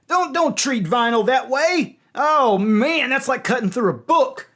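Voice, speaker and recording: A man hosting a music video reaction, talking to his audience and breaking into loud cries of dismay and delight. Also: very high voice, animated, a little slow, few pauses. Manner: addresses audience as ladies and gentlemen.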